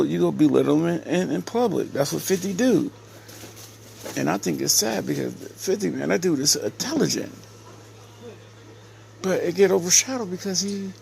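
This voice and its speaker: A man giving a slow, repetitive, scolding casual rant to camera as a vlogger. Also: on the high side, creaky, a little mellow, a little hiss or hum.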